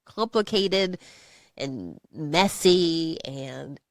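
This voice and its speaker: A woman's voice: deep voice, lively intonation, extremely slow, no echo, studio quality. A woman co-hosting a podcast, talking candidly and expressively, often laughing through hard subjects. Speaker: podcast co-host. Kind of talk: casual podcast chat.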